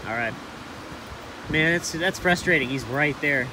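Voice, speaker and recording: A man, slightly hoarse from coughing, chatting casually in an outdoor vlog by a mountain stream. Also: a little high, noisy background. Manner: chatty, relaxed narration. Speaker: outdoor vlogger. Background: rushing stream water.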